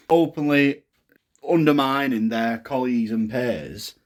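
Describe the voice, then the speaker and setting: A young man talks straight to his camera in a tired, drained voice, exhausted and short on energy. He vents his frustration in a casual diary style, at a mid-range pitch. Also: measured pace. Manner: frustrated, venting about hospital care. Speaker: new dad vlogger.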